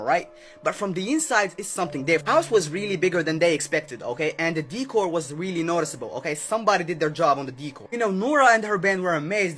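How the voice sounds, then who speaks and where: A man casually narrating a story to viewers, chatty and filling pauses with "okay?" and "right?". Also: sits high, fairly bright tone. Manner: chatty, keeps adding "okay?" and "right?", acts out quotes. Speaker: storyteller host.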